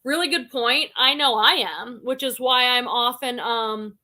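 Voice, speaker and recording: A woman's voice: fairly high pitch, unhurried, pushed and bright. A woman hosting a casual live stream, reading viewer comments aloud and chatting about them. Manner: chatty, reads comments aloud then reacts.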